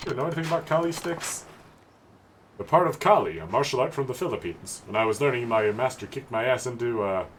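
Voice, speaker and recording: A man's voice: medium pitch, expressive, fairly quick, slight background noise. A man giving casual, joking commentary as he plays a video game, swearing freely. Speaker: streamer. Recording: game music behind voice. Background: game music.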